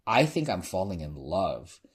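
A man reading aloud, voicing a gossipy, warm-hearted woman who talks in confiding exclamations. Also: low-pitched, big pitch swings, measured pace, breathy edge, full character voice. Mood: gushing.

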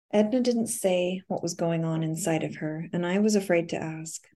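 Low, mellow woman narrating an audiobook. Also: moderate pace. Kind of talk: first-person audiobook narration.

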